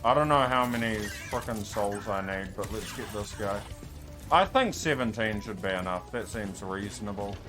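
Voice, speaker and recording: A man commenting on his own speedrun as he plays, talking to himself, often frustrated, swearing and shouting at enemies. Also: on the low side, lively intonation, moderate pace, music in the background. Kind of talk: live gameplay commentary.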